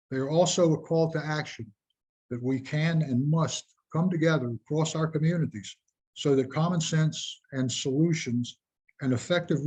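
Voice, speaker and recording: A man with a husky, slightly rough voice opens a video-call presentation. He reads a prepared introduction in a formal, measured and earnest tone. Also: medium pitch, a little mellow, low-quality recording. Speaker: host introducing speakers.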